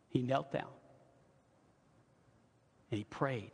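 A male pastor delivering an impassioned sermon in a church, moving between loud exhortation and quiet, intimate passages. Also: mid-range voice, normal speed, breathy edge. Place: church sanctuary. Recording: long hall reverb.

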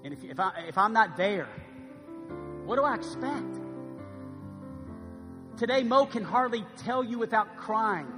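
A pastor in his fifties preaching a sermon, shifting between hushed, quiet passages and loud, emphatic ones. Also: high-pitched. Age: 50s. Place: church sanctuary. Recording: live church recording with long reverb and music.

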